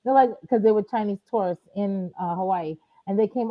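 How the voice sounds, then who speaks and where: New lady tutor chatting on a podcast, animated, kinda muffled lo-fi audio. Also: brisk. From New York. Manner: animated, acts out quoted speech in a higher voice. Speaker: Chinese tutor, guest. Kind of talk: casual interview chat. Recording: dull lo-fi audio.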